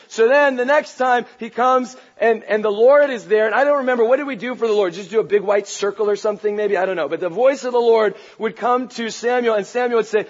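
High-voiced animated male pastor preaching. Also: a little fast, few pauses. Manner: animated and playful, shouting for emphasis. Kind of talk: sermon. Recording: dull lo-fi recording.

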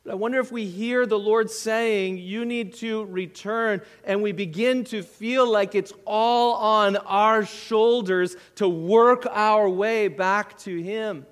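A man with a high voice delivers a sermon at an unhurried pace. He is earnest, rising into impassioned appeals and sinking to near whispers. His voice rings with the long reverb of a large church hall. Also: fairly even intonation, clear, resonant tone. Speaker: pastor.

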